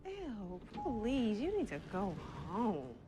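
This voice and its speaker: An actress playing a prim, churchgoing young marriage counselor who is primly dismissive. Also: female voice, medium pitch, wildly swooping pitch, slow. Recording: echoey with loud film music.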